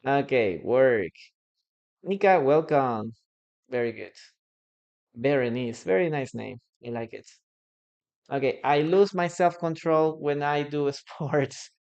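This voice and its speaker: A man with a Peruvian Spanish accent, teaching English live online and repeating phrases slowly for learners. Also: a little high, highs cut off. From Peru. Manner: greets viewers by name and reads chat aloud.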